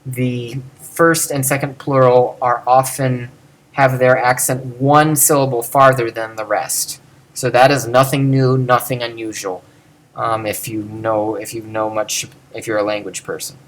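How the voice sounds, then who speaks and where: A man's voice: mid-range voice, flat delivery, unhurried. A man giving an informal grammar lesson, thinking aloud with fillers and self-corrections and drawing out example words. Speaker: teacher explaining Greek grammar. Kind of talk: informal recorded lecture.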